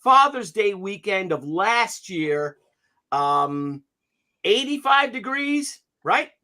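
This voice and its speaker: A man's voice: high-pitched, slow. A man in his fifties hosting a casual live stream, joking and telling anecdotes. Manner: jokey, animated, tells gags and anecdotes. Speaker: stream host.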